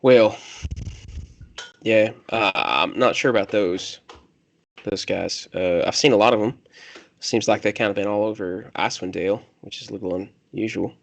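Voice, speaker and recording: A man's voice: lowish voice, normal speed, creaky. A man voicing a wary, reclusive country hermit with a drawl, who rambles with many fillers and loses his train of thought.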